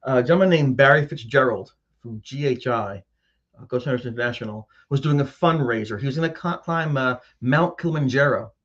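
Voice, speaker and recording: Recorded with lo-fi sound, a medium-pitched man hosts a live show and shares a ghost story that happened to him. He tells it with animation, imitating his own scared voice.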